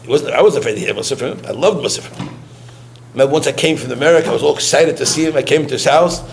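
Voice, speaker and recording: A man giving a eulogy through personal stories, halting and repeating words, with Yiddish and Hebrew terms mixed into his English. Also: mid-range voice, creaky, slight background noise. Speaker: eulogist, former student. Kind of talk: eulogy told as personal anecdotes.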